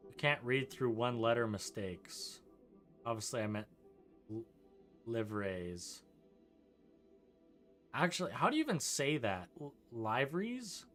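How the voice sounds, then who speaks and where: Casting: young male streamer from Canada, bright tone, loose chatty delivery, faint game music underneath. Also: mid-range voice, sing-song, normal speed. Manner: rambling, chuckling, lots of likes and ums. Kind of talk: casual gameplay commentary reading chat.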